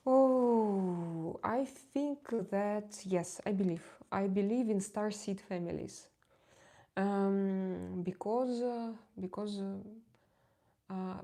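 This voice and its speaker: A woman's voice: mid-range voice, mellow. A woman tarot reader chatting casually on her live stream, candid and confiding, often hesitating and repeating words as she searches for them. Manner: candid and confiding, laughs easily.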